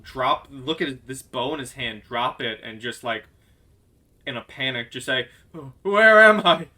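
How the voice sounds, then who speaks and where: A man narrating a tabletop game as game master in a relaxed, loose way. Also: medium pitch, measured pace.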